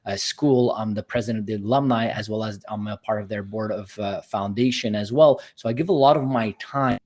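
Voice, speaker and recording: A man's voice: fairly low pitch, brisk, darkish tone. A man speaking as a podcast guest, earnest and motivational, building his points with emphasis. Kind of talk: podcast interview.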